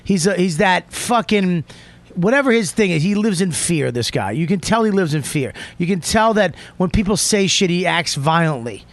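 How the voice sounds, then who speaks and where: A man hosting a podcast, telling a heated story in a profane, emphatic way that keeps swinging into shouting. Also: sits high, lively intonation, moderate pace, dry recording. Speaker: podcast host.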